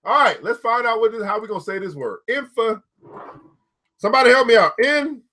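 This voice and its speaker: A man reading a book aloud to his listeners and stopping to comment, excitable and quick to whoop and laugh. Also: very high-pitched. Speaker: book reader and host.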